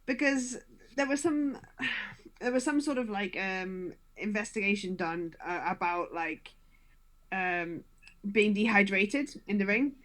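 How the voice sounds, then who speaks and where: Speaking slowly, with a mid-range voice and a fairly bright tone, this Scottish woman in her thirties uses a standard southern English British accent. Appearing as a podcast guest from home during lockdown, she chats casually and laughs a lot.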